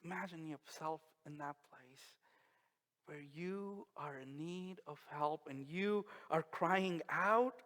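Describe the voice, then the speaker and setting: A male pastor preaching a sermon, slow and emphatic, with dramatic pauses and quiet drops. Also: fairly high pitch. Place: church sanctuary. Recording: long reverb of a church hall.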